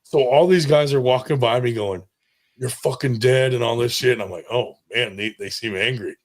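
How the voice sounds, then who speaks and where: A man's voice: mid-range voice, fairly quick. Profane, laughing man telling stories. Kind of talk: casual storytelling.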